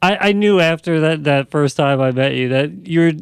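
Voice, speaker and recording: A man hosting a casual chat, halting, with many fillers and frequent laughs. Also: on the high side, gravelly, smooth, dry recording, studio quality. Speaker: podcast host.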